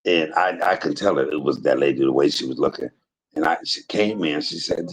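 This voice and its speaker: A man's voice: rumbling low, fairly quick, slightly rough, poor audio. A man streaming live to his viewers, telling a story in an emphatic, preachy way, full of religious exclamations. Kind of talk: casual spoken testimony to a live chat.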